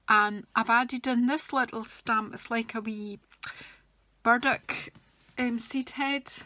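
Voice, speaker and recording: A woman chatting casually through a craft tutorial, talking as she works and going soft and quiet when she concentrates. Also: a little high, no room sound. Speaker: craft demonstrator.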